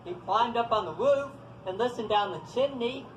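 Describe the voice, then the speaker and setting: A man telling folktales live to an audience, animated and coaxing listeners to join in. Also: very high-pitched, moderate pace. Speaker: storyteller. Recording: echoey hall, faint background noise.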